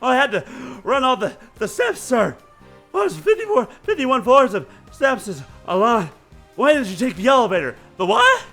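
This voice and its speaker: Guy doing a super eager young cop agent, high and loud and bouncy. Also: lively intonation, fairly quick, soft background music, exaggerated voice. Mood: breathless. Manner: shouty, breathless, eager.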